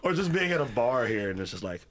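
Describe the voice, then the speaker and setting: A man from Cincinnati in a casual podcast conversation, agreeable and quick to laugh while telling stories. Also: medium pitch, very animated, background noise. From Cincinnati, USA. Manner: agreeable, laughs often, storytelling.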